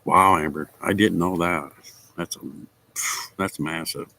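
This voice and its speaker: A man's voice: sits low, steady tone, measured pace, gravelly, pushed and bright. A man chatting casually with viewers of his stream, laughing often and swearing casually. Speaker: livestream host chatting with viewers. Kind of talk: casual chat.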